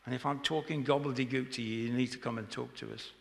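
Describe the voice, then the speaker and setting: A man's voice: mid-range voice, fairly even intonation, fast, gravelly, fairly bright tone. A man preaching an informal sermon in church, chatty and joking with the congregation. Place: church hall. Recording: echoey church hall.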